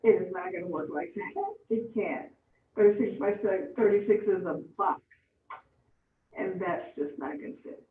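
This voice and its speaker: A woman giving an impassioned public comment, earnest and pleading, speaking deliberately slowly. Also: medium pitch, a little hiss or hum. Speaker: public commenter and advocacy board member. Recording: tinny, echoey phone line from a distance.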